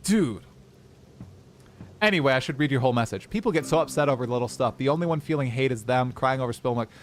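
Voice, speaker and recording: A young man chatting casually on a livestream, rambling and animated as he talks to his chat. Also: medium pitch, fast talker, a little hiss or hum. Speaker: streamer.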